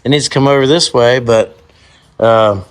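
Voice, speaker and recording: A man's voice: mid-range voice, normal speed, clear, resonant tone. A man co-hosting a casual vlog, talking in an easygoing way and walking through the work step by step. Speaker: channel co-host. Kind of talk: casual chat. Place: outdoors on a rural property.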